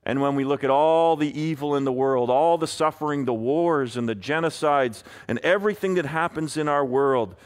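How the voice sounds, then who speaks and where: Earnest male preacher, slightly high voice. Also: normal speed, few pauses, clean tone. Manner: earnest preaching, voicing prayers in a pleading tone. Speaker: pastor. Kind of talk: sermon.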